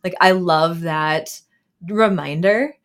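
A woman in her thirties, a therapist and author, talking as a guest in a casual interview, reflective, with frequent fillers and soft laughs. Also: on the low side, slow pace.

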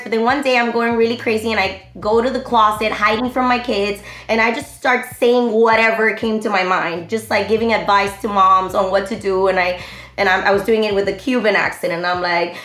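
A woman in her thirties, a guest telling her story in an animated, rambling way full of fillers. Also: fairly high pitch, brisk. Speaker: interview guest, online comedy creator. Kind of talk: casual interview chat. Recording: roomy echo.

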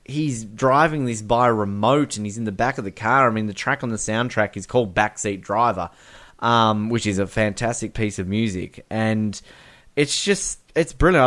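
A man's voice: medium pitch, fairly bright tone. A man co-hosting a film podcast, chatting casually and enthusiastically with frequent fillers, restarts and playful impressions. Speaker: podcast co-host.

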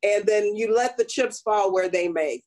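A woman's voice: medium pitch, normal speed, a little mellow, rough recording. A woman politician speaks as an interview guest in a mid-range voice. She recounts her experiences earnestly and leans on key points with emphasis. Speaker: congresswoman, guest. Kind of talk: conversational interview.

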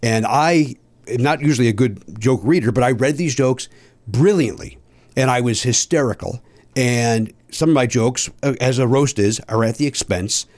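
Animated profane male storyteller. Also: mid-range voice. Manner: animated, profane, acts out other people's lines. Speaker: podcast guest, comedian. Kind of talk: casual storytelling.

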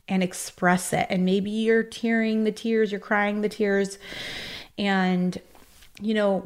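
A married woman hosting a self-help podcast, earnestly coaching listeners and speaking straight to them. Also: fairly low pitch. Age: adult, married. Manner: earnest, encouraging, addresses the listener directly. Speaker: podcast host. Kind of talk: motivational self-help talk.

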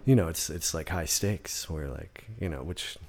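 Low gravelly man chatting as podcast guest. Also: normal speed, a little mellow, slight background noise. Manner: rambling, restarts often, acts out quotes. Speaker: guest songwriter. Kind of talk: casual conversation. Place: in-person podcast studio.

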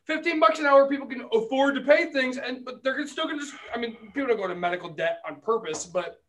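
A man co-hosting a casual podcast chat, excitable and ranting, swearing freely. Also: extremely high pitch, fast talker. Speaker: podcast co-host.

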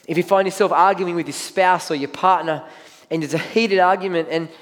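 A man's voice: high-pitched, fairly even intonation, brisk, long reverb tail. A man preaching as a pastor in a church, talking conversationally and acting out what people say to themselves. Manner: conversational preaching with acted-out inner voices. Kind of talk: sermon. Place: church hall.

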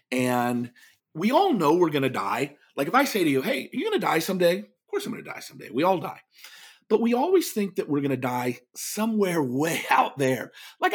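Earnest middle-aged male author. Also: mid-range voice. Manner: earnest, chuckles often mid-sentence. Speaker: author and motivational speaker. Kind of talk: storytelling in a podcast interview.

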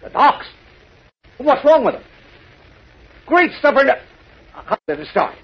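A flustered, blustering newspaper chief who keeps exclaiming, voiced in 1940s radio acting. His voice is high and husky. It comes across as a lo-fi old radio broadcast. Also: sing-song, measured pace, full character voice. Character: blustering, excitable older male newspaper chief.

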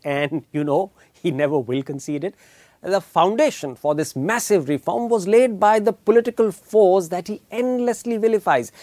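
A middle-aged man with an Indian English accent hosting an opinionated news commentary, emphatic and deliberate, with frequent filler pauses. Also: high voice, darkish tone, no echo. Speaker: commentary show host.

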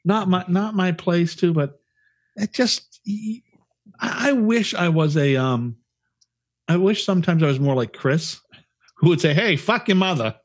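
A man's voice: sits high, a little slow, long pauses. Rambling, foul-mouthed man with a raised voice. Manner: profane, rambling storyteller with restarts. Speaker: podcast co-host. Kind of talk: casual chat.

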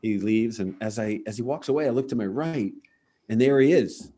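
A man's voice: mid-range voice, moderate pace, warm tone, slightly rough. A middle-aged man, a comedian hosting a podcast, telling stories in a casual chat and acting out the punchlines. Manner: anecdotal storyteller, acts out quoted voices with punchlines. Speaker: podcast host and stand-up comedian.

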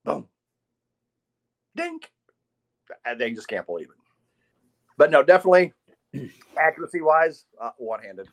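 A man, a guest on a podcast interview and a marksmanship instructor, telling casual stories with lively sound effects and frequent laughs. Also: a little high, fairly quick, pauses often.

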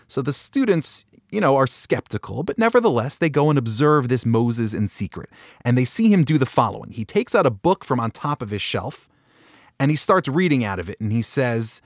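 A man hosting a podcast, telling a Bible story in an animated way and acting out the quoted lines. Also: mid-range voice, moderate pace, no echo, clean studio sound. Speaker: podcast host. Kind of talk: storytelling talk on a Bible passage.

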